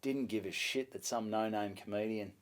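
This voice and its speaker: A man's voice: lowish voice, moderate pace, slight background noise. A man with an Australian accent, a stand-up comedian, telling a story in casual chat, swearing freely and acting out both sides of each exchange.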